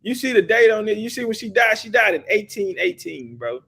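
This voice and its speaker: A man's voice: sits high, big pitch swings, fairly quick, gravelly, a bit bright, slightly rough. A male show host in a heated debate, arguing hard, talking over his guest in slangy speech. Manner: argumentative, talks over the other man, slangy.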